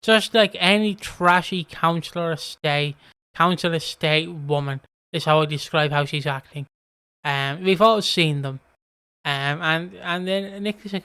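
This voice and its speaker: Bright, crisp Irish man recapping. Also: a little high, moderate pace, no echo. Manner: animated, acts out characters' lines. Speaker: podcast co-host. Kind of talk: casual chat recapping a soap.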